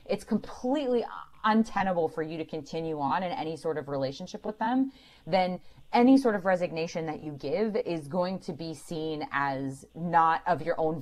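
A woman, an employment lawyer hosting a radio call-in show, explaining clearly and emphatically. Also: fairly low pitch, a little mellow.

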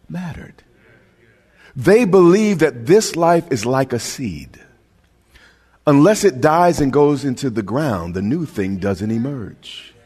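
A male pastor preaching a sermon with passion, repeating words as he builds and sometimes shouting. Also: on the high side, slightly rough. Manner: impassioned preaching with stammered restarts, rising to shouts. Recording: long hall reverb.

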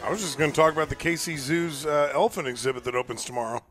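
A man's voice: on the high side, rapid-fire, over music. A middle-aged man co-hosting a radio talk show, chatty and opinionated, often stumbling over and repeating words. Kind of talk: casual morning radio banter.

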